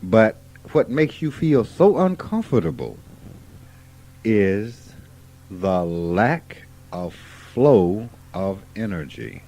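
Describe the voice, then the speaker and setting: A man gives an informal spiritual talk. He is folksy and unhurried, and he asks questions and then answers them himself. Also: lowish voice, sing-song, dark tone. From Mississippi, USA. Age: 50s. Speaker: spiritual teacher. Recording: dull archival tape recording.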